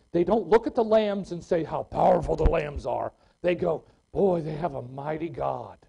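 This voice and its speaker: Male preacher, high voice, animated sermon, loud bursts and quiet readings, church. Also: poor audio.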